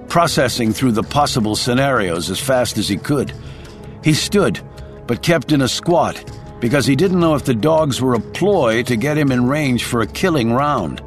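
A man narrates an action thriller in a dramatic storytelling voice, his pitch rising and falling widely. His voice sits at a middle pitch over soft music playing underneath. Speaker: audiobook narrator.

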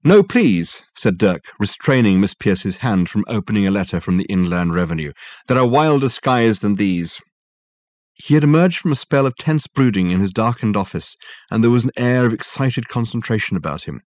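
A man narrating a novel in a dry, measured storytelling manner. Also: fairly low pitch, animated, darkish tone, no room sound. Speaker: audiobook narrator. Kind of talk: scripted narration.

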